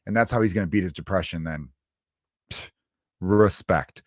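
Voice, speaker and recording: A young man from the Chicago area hosts his own podcast and talks in a loose, crude comedic monologue that keeps veering into asides. His voice sits fairly low. The sound is close and dry, with no room around it. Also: normal speed, pauses often, no room sound. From Chicago area, United States. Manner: crude, riffing, self-interrupting with asides.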